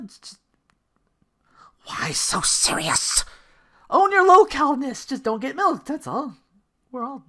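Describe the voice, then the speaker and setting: A man's voice: a little high, sharp tone. A man hosting his own podcast, talking alone in a rambling, self-deprecating way and often tripping over his words. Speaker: podcast host. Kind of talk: casual solo podcast monologue.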